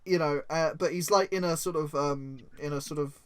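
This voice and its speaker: A man hosting a casual podcast, improvising a story in an excitable, rambling way. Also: a little high, smooth. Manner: excitable, rambling, quick to laugh. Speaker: podcast host.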